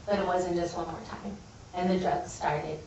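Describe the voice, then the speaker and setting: A woman's voice: lowish voice, fairly even intonation, moderate pace, dark tone, highs cut off, a little hiss or hum. A woman gives an earnest, heartfelt personal testimony as a guest speaker at a college event. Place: large building at a college event. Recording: echoey hall from a distance.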